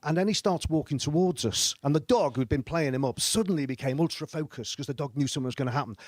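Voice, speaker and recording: A man's voice: fairly high pitch, fast, a little mellow, dry recording. A middle-aged man telling stand-up stories on a comedy club stage, with a dry, self-deprecating delivery and frequent chuckles. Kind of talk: stand-up storytelling.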